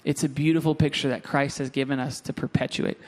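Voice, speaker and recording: A man's voice: medium pitch, little pitch movement, brisk. A young adult man preaching a sermon in a church, moving from earnest teaching to joking asides with the congregation. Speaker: pastor. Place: church sanctuary.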